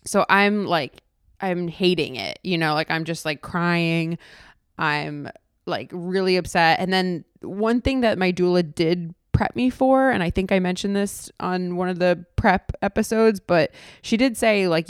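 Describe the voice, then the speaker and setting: A young female podcast host recounts a personal story emotionally, tripping over fillers and starting sentences over. Her slightly low, smooth voice moves a little slowly, and the close, dry recording has no room sound.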